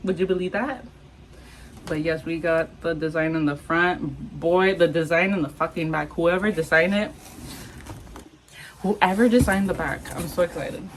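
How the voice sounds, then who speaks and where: A young woman from Texas vlogging an unboxing, hyper and excitable, swearing a lot and squealing. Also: fairly low pitch, unhurried, a little hiss or hum, poor audio. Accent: Texan. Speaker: vlogger unboxing masks and merch. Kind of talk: casual unboxing vlog.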